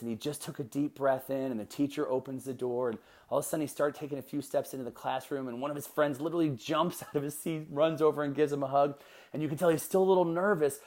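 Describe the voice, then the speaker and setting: A man's voice: medium pitch, darkish tone. Earnest male motivational podcast host. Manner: earnest, storytelling, builds to emphatic encouragement.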